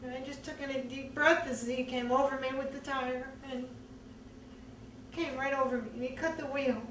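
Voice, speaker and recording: A woman earnestly recounting her own story in a measured way, with many pauses. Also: high voice, steady tone, a bit bright. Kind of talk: personal testimony. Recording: echoey room, distant mic, faint background noise.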